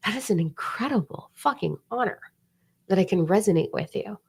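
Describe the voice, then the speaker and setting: A woman hosting a casual spiritual live stream, animated and swearing freely. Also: mid-range voice, brisk, vocal fry, breathy edge. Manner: animated, swears freely, mock voices and whispers for effect.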